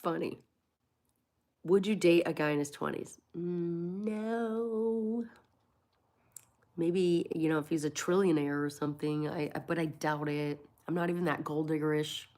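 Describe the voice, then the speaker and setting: Low and unhurried, with a darkish tone, this livestream host is a Floridian woman in her forties who has a cold. She tells casual, blunt, profane stories, performing the lines people said.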